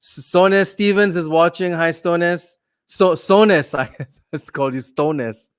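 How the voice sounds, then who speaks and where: A man's voice: on the high side, slow, clean tone. A man hosting a comedy livestream, chatting casually and reading comments. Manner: chatty, laughs between comments. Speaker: host.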